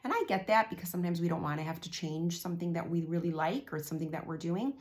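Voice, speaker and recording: A woman in her forties giving parenting advice as a coach, explaining calmly and acting out bits of dialogue between parent and child. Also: on the low side, fast talker. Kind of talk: direct-to-camera parenting advice.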